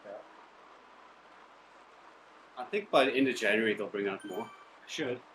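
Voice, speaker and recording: A man's voice: fairly low pitch, lively intonation, a little slow, fairly bright tone, slight background noise, poor audio. Laid-back man on a call. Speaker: riding partner on a call. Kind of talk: casual chat.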